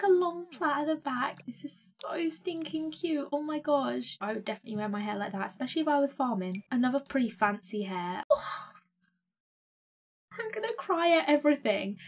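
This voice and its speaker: A young woman gives casual, excitable commentary while playing a life-sim game, gasping and gushing as she goes. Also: fairly high pitch, breathy edge. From England. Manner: gushing, excitable, gasps often. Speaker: gaming streamer.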